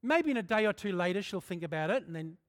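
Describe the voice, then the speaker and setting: A middle-aged man preaching a sermon in a candid, conversational way, often clearing his throat. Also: sits high, expressive, fast, no room sound. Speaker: pastor.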